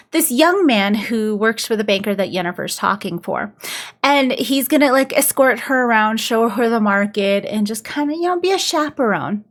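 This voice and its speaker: Woman with a slightly high voice going over a book plot, super chatty, says like a lot. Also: a bit bright. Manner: chatty, lots of "like" fillers. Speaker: book reviewer. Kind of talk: casual plot recap.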